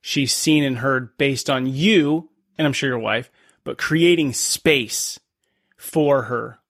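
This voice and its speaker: A man's voice: mid-range voice, takes it slowly, fairly bright tone, no echo, studio quality. A man hosting a podcast interview in a casual, blunt and affirming way. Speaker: podcast host.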